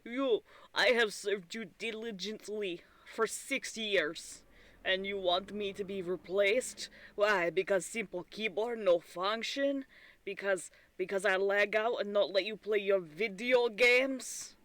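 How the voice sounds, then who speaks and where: A woman's voice: fairly high pitch, fairly bright tone, no room sound, pitched above the performer's own voice. A woman voicing her resentful old home computer in a put-on foreign accent, with broken, indignant phrasing. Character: resentful aging home computer, proud and wounded.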